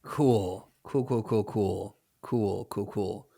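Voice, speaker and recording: A man's voice: on the low side, slow, gravelly, warm tone. A man co-hosting a podcast in casual chat, rambling through joking guesses and repeating words while he thinks. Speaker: podcast co-host.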